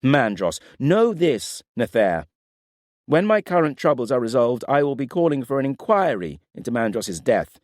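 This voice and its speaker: A man voices a proud, stern king who lectures in a forceful, clipped way, his mid-range delivery very animated at normal speed. The clean studio recording has no room sound, and the voice is pitched above the performer's own while staying close to an everyday voice.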